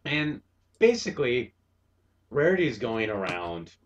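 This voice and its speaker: Slow-talking, excitable man reviewing a cartoon. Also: mid-range voice. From Wisconsin. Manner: excitable, gushing, breaks into laughter. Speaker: show host reviewing a cartoon episode. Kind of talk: casual review chat.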